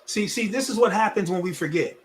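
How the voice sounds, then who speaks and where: Male pastor, animated sermon, somewhat high voice, folksy and repetitive, moving between loud and hushed. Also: brisk. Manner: lively preaching with wide swings between loud and hushed.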